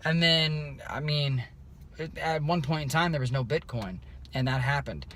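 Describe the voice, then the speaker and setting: A man giving a casual, rambling video update, loose and unscripted, with many pauses and restarts. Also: fairly high pitch, a bit bright. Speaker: crypto vlogger.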